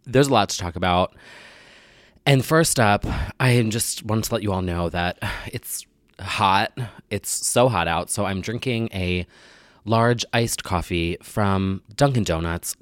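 A man's voice: deep voice, slow pace, no echo, clean studio sound. A young man hosting a casual solo podcast, slightly nasal from a sinus infection, rambling and joking crudely. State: getting over a sinus infection. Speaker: podcast host.

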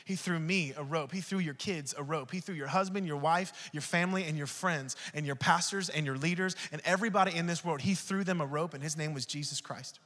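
High, bright-voiced preaching man. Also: a little fast, hardly any pauses, in a large hall. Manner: shifts between loud preaching and quiet storytelling; acts out dialogue in his stories. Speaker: pastor. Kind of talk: sermon with storytelling.

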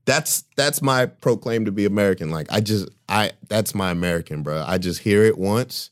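A man's voice: lowish voice, moderate pace. A man co-hosting a comedy podcast, joking in loose casual slang. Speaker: podcast co-host.

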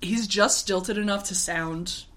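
A woman's voice: medium pitch, takes it slowly, fairly bright tone. A young woman co-hosting a podcast, recapping a TV episode in a rambling, laughing way full of fillers. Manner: rambling, lots of fillers and laughs, acts out characters. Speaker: podcast co-host. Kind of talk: casual chat recapping a TV episode.

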